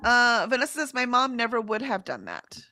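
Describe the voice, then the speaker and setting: Bright-voiced chatty woman streamer. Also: a little high, sing-song, normal speed, no room sound. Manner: reads chat comments aloud, chatty and laughing. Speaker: co-host of a livestream. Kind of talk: casual chat.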